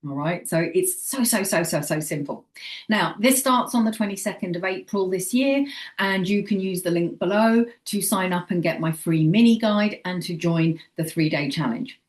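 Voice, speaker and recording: Lady vlogging about intuition, lowish voice, chatty, keeps saying okay and acting out her own thoughts. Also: moderate pace. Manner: chatty, acts out quoted inner voices, frequent "okay?". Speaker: psychic medium vlogger. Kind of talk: casual direct-to-camera advice.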